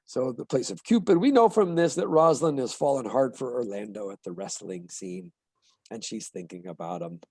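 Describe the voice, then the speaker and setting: A man lectures in an animated, explanatory way, sounding out beats as he teaches. His voice is gravelly and husky, with a mellow, dark tone. The recording is dry and close. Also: mid-range voice, normal speed, no room sound. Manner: animated, explanatory, taps out rhythms aloud. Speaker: literature lecturer. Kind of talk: classroom book-talk lecture.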